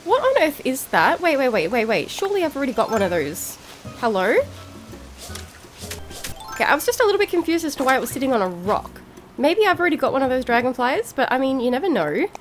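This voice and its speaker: A young woman with a high, light voice chatting her way through a cozy life-sim game. She talks casually and excitably, and cheerfully curses when things go wrong. Soft game music plays quietly underneath. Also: fast. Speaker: gaming video creator. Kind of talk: casual let's-play commentary.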